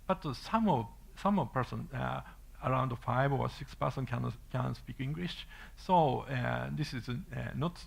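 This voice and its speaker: A man with a Japanese accent giving a halting conference talk and answering questions, with many fillers and restarts. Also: medium pitch, gravelly, husky. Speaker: conference speaker.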